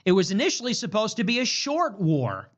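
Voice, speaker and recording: A man rants about politics in a high voice that leaps up and down. He turns sarcastic and profane, then drops into muttered asides. The replayed video sounds dull and lo-fi. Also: huge pitch swings, a little fast. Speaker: political commentator. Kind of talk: rambling ranting commentary.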